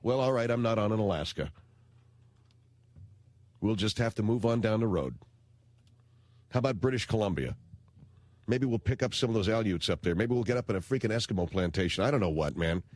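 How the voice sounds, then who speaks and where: A man's voice: on the low side, animated, fairly quick, long pauses, darkish tone, dry recording. Blunt slangy man ranting on radio. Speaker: radio talk show host.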